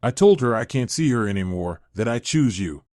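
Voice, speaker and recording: A man's voice: medium pitch, expressive, normal speed, a little mellow, no room sound, lightly acted. A guilty, pleading young man, as a male narrator puts him on, begging his partner to stay. The voice rises and falls a lot, and the recording is close and dry. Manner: pleading, insistent. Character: remorseful pleading male fiancé.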